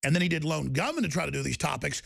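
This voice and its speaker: Gravelly, combative male talk host. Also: on the high side, animated, very fast, no room sound. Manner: emphatic and combative, swinging to shouted defiance. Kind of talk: heated talk-show rant.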